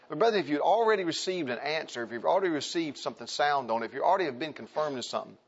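A man preaching a sermon in an emphatic, animated way, calling out to the congregation. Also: fairly high pitch, very fast, breathy edge, dull audio.

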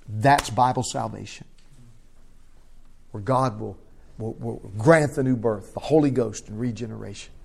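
A man preaching a sermon in a folksy, impassioned way, shifting from quiet to loud. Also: medium pitch, a little slow, gravelly, pauses often, husky.

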